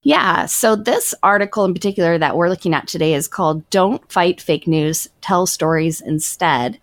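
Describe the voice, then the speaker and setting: A woman co-hosts a podcast and explains things step by step in an easy, chatty way. Her voice sits on the low side. The sound is dry and close, with no room around it. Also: moderate pace, no echo. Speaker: podcast co-host. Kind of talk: casual podcast discussion.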